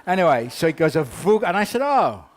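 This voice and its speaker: A man giving a humorous talk, telling a rambling anecdote full of wry asides and quick jokes. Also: on the high side, very animated. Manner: rambling, often restarts with "anyway". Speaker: keynote speaker.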